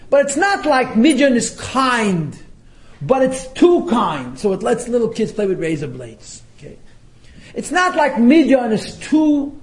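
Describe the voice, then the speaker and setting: Animated high-voiced man teaching a text. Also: low-quality recording. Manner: animated, acts out quotes, laughs often. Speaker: Torah teacher. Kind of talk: text-study lecture.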